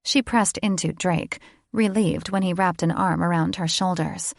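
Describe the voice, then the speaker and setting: A woman narrating a fantasy romance audiobook in a measured, steady way. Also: lowish voice, creaky, dry recording, studio quality. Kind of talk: scripted narration.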